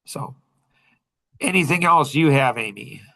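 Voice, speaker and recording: A man hosting a casual group chat, telling animated stories, his voice jumping high when he gets excited. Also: measured pace, creaky. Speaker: host.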